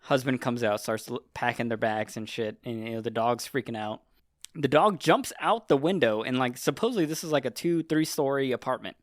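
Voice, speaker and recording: A man's voice: medium pitch, fairly quick, no room sound. Rambling, profane man on a dry mic. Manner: rambling, profane, heavy use of "like". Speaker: podcast host. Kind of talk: casual chat.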